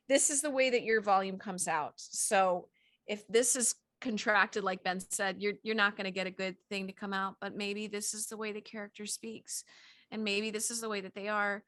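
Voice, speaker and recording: A woman's voice: mid-range voice, fairly bright tone, no room sound. A woman voice coach explaining acting tips in an encouraging, hands-on way. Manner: explanatory, encouraging, demonstrates as she talks. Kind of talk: casual coaching chat.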